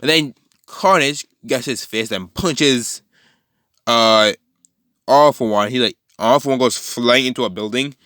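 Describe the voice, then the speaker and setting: A man casually retelling a fan story out loud, rambling and often correcting himself mid-sentence. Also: medium pitch, unhurried, no room sound, studio quality. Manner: rambling, with many restarts and self-corrections.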